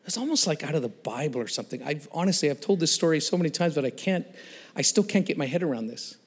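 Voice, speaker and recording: Man preaching, storytelling sermon, animated and laughing, fairly high voice, long hall reverb. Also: fast, husky. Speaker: guest speaker.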